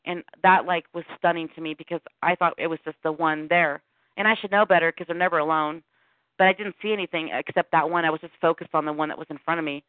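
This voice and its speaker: A woman's voice: fairly low pitch, fast, smooth, no room sound. Woman telling her story over a tinny phone line. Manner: animated storytelling with quoted dialogue. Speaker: guest. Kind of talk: recounting a personal encounter. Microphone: phone call.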